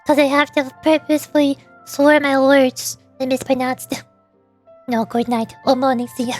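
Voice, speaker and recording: A woman streaming and chatting casually with viewers, talking fast when excited and laughing often. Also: high-pitched, faint music behind. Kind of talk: casual livestream chat.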